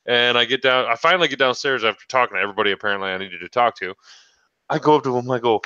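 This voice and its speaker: A man's voice: medium pitch, fast, smooth, no echo, lo-fi sound. A man hosting a casual podcast, telling a story with lots of swearing and laughing. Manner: profane, animated storyteller, laughs often. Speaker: podcast host.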